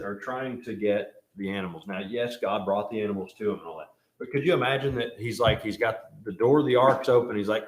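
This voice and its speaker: A man teaching a Bible class in a casual, joking way, telling animated stories. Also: fairly low pitch, fairly quick, few pauses, roomy sound.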